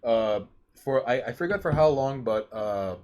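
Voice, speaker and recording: A man's voice: mid-range voice, expressive, unhurried, darkish tone. A man co-hosting a casual chat show. He rambles and stumbles over his words. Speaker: podcast co-host.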